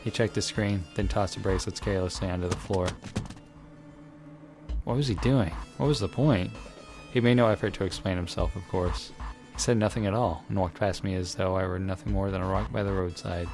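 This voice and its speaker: Low-voiced man reading a game aloud. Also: steady tone, brisk. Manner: dramatic reading with swearing asides. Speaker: let's player. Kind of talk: reading a visual novel aloud with commentary. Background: game music.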